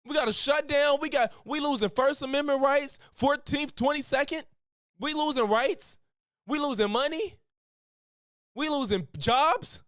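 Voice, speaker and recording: A man's voice: very high-pitched, a little slow, no echo, clean studio sound. A man streaming a reaction to a clip, arguing back at it and questioning what he hears. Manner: animated, argumentative, talks back at the clip. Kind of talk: reaction commentary.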